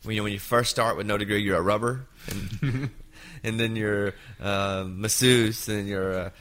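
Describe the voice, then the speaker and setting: A man in his fifties hosting a casual chat, telling an anecdote with lively jumps into quoted voices. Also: on the low side, unhurried. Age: 50s.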